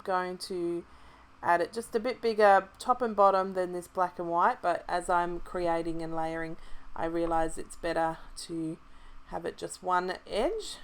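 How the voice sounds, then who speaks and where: Chatty Australian woman, slightly low voice. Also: slight background noise. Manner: chatty, relaxed, thinking aloud with restarts. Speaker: craft kit club presenter. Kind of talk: casual craft tutorial voice-over.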